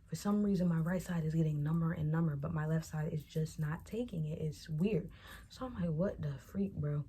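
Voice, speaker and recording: Speaking briskly over slight background noise, a young adult woman with a voice that sits low shares a storytime on her vlog. Her telling is casual and lively, and she voices what others said as she goes.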